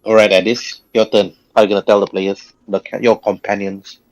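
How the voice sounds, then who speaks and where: A man narrating as dungeon master in a tabletop game over voice chat, describing scenes in a halting way and repeating words. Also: fairly low pitch, level tone, lo-fi sound.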